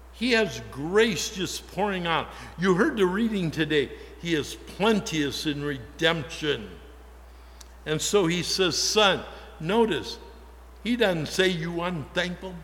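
A male pastor preaches in a church, his sermon conversational and full of questions for the congregation. His voice sits a little high and comes across expressive and a bit bright as he takes his time. The recording carries a long church reverb.

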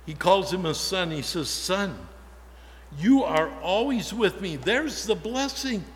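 A man's voice: high voice, lively intonation, slow. A male pastor preaching a sermon in a conversational way, often putting questions to the congregation. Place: church. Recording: long church reverb.

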